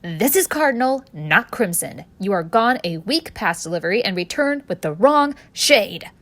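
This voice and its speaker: A woman's voice: mid-range voice, sing-song, normal speed, fairly bright tone, no room sound. A woman voicing an irritable male fabric merchant who barks and scolds in a storybook reading. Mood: angry. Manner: barking, scolding.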